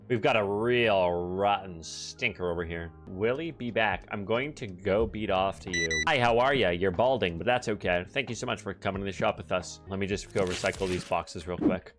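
A man's voice: fairly low pitch, animated, normal speed, fairly bright tone, soft background music. A young Canadian man with a Canadian accent, streaming a shop game and joking crudely with his chat. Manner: brash, crude, jokey, talks to chat. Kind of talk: joking gameplay commentary.

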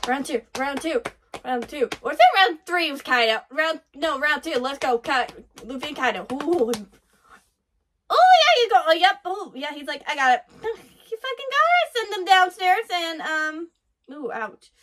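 Woman reacting to anime, high bright voice, swings all over, gasps and cusses a lot. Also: unhurried, a little hiss or hum. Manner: excitable, gasping, swearing, breaks into laughs. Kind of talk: live reaction commentary.

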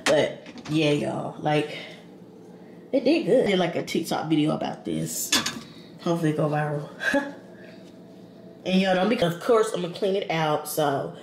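In an echoey kitchen with background noise, a woman chats slangily and rambles to her viewers, addressing them as "y'all" and "girl." Her low-pitched voice is expressive, creaky and a little mellow, at a moderate pace with frequent pauses.

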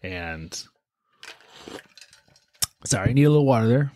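A man hosting a podcast, telling a story in a relaxed, chatty way with lots of fillers. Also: mid-range voice, measured pace. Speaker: podcast host. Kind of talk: casual storytelling chat.

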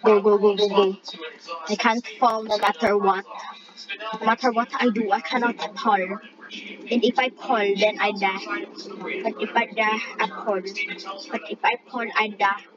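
A female gamer giving excitable live commentary on a race, with shrieking exclamations and jokey trash talk. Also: mid-range voice, a little slow, long pauses, dull audio, crowd noise.

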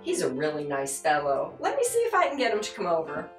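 A woman's voice: sits low, huge pitch swings, fast talker, roomy sound, faint music behind. A woman playing a friendly frontier saloon owner with a welcoming manner.

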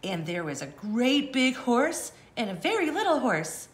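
A woman reading a children's picture book aloud, gentle and animated, asking the young listener to count along. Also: on the high side, unhurried, hardly any pauses, slight background noise. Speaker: children's storyteller. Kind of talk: read-aloud for kids.

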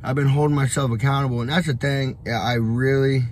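A man's voice: mid-range voice, fairly even intonation, brisk, darkish tone, slight background noise. A young man vlogging on the road, giving a blunt, profane motivational rant full of fillers and restarts. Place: on the road, traveling.

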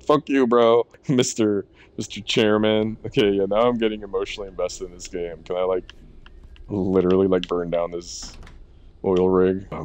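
Deep-voiced joking gaming streamer. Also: male voice. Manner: joking, profane, reads on-screen text aloud. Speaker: game streamer. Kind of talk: let's-play commentary.

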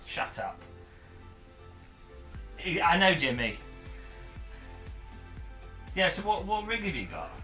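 A man's voice: a little high, very animated, slow, pauses often, sharp tone, soft background music. A man on a casual livestream, joking, swearing and mocking himself while setting up gear. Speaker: streamer.

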